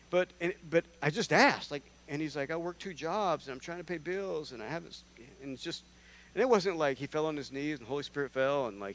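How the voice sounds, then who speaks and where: A man preaching in a church, voice of middling pitch, telling stories casually and joking at his own expense. He swings from hushed, soft asides to loud, punchy bursts as he acts out the characters in his stories. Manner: animated storytelling, acting out characters with big swings in loudness; self-deprecating, conversational asides. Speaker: guest preacher. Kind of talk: sermon. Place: church sanctuary.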